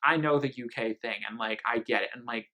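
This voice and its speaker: In this casual album review vlog, a Philadelphia, Pennsylvania music reviewer talks briskly in a bright, mid-range voice. He's chatty and gossipy, sprinkling "like" and "girl" throughout.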